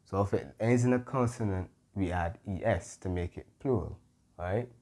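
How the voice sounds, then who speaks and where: A man teaching a Spanish grammar lesson, patient and careful, often pausing with "mm-hmm" and correcting himself. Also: deep voice, warm tone. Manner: patient, stops to self-correct, frequent "mm-hmm" fillers. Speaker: Spanish tutor.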